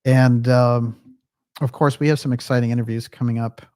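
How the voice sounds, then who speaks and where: A man's voice: mid-range voice, fairly even intonation, moderate pace, a little mellow, dry recording, studio quality. A man hosting a livestream, chatting casually and reading out viewer comments, with frequent fillers. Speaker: livestream host.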